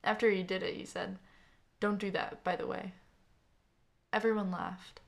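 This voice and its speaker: A woman narrator voicing a grieving young woman who gives a halting, tearful eulogy for her brother. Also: mid-range voice, flat delivery, creaky, natural voice. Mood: reminiscing.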